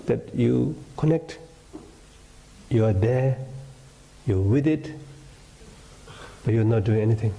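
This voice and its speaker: Tibetan-born guy teaching meditation, deep warm voice, gentle broken english, soft noise behind. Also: rough recording. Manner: simple broken English, gentle, demonstrates with hands. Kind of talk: dharma talk.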